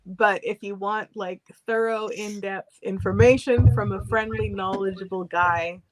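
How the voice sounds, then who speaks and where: A woman co-hosting a casual chat, speaking in a calm, measured way and giggling easily. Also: medium pitch, dry recording.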